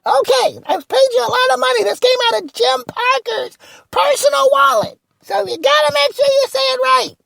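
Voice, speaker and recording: Someone doing a super high squeaky producer, bossy and fussy, gravelly, dry close mic. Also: animated, normal speed, bright, forceful tone, no room sound, heavily acted. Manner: fussy, instructing.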